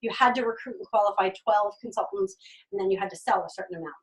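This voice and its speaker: A middle-aged woman telling her own story in an animated way, acting out what others said and laughing often. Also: medium pitch, quick pace, distant mic, poor audio. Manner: acts out quoted voices, laughs often, lively. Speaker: direct sales consultant telling her story.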